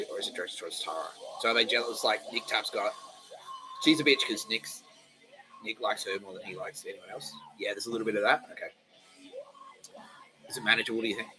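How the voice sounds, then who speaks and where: A man's voice: lowish voice, bright, forceful tone, poor audio. A young man hosting a podcast, talking in a rambling, profane, self-mocking way. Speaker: podcast host. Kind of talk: casual solo monologue.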